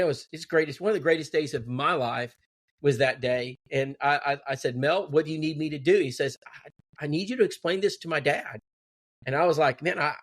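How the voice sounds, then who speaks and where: A middle-aged man telling a story in casual, animated talk and acting out what others said. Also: on the high side. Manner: animated, quoting others in dialogue. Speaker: guest telling a testimony.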